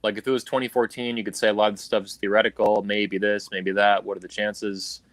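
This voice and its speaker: A low-voiced man rants with anger and heavy profanity as he hosts a live stream. His delivery is emphatic and relentless, and the sound is dry and close over a video call. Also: little pitch movement, fast, fairly bright tone, dry recording. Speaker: livestream host. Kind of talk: heated political rant.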